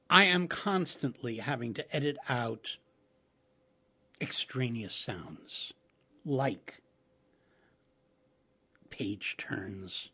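A man's voice: mid-range voice, a bit bright, husky. An older man hosting a radio program, talking in a rambling, casual way. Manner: rambling, with restarts and fillers. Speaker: radio host and producer.

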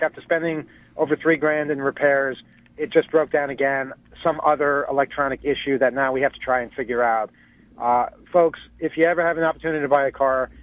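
A man's voice: mid-range voice, no room sound. A man calling in to a radio show, rambling through a story with many fillers and restarts. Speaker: caller phoning in to a radio show. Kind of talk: casual phone chat. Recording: muffled cell phone line.

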